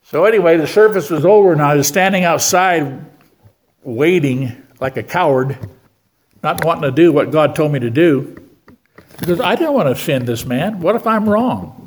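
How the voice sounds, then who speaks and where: Older male guest preacher, a little high-pitched, tells stories from the pulpit and works the room for amens. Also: animated, normal speed, a little hiss or hum. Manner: storytelling preacher who keeps asking the church for amens. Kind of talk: sermon. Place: church.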